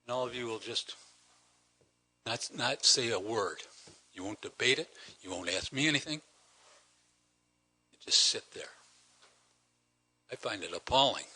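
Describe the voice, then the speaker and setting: A man's voice: medium pitch, moderate pace, sharp tone, slightly rough. An older man giving an indignant public comment to a town council, firing rhetorical questions with emphatic stresses. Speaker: citizen delegate at council meeting.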